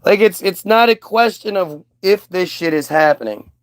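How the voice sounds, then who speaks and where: A man's voice: sits high, lively intonation, moderate pace, smooth, no room sound. A man ranting in casual commentary, sarcastic and profane, mocking people as he reacts to clips.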